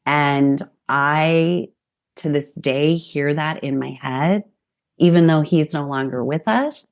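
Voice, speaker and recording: Woman guest, 40s-50s, low gravelly voice, slow and reflective. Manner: reflective, warm storytelling. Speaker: guest therapist. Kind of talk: podcast interview conversation.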